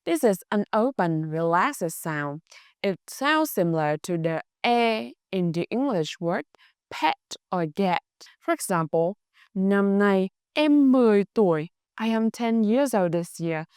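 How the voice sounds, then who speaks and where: Slow, clear Vietnamese teacher woman. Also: fairly low pitch, dry recording, studio quality. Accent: Northern Vietnamese. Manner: slow, careful enunciation with small English slips. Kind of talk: language lesson narration.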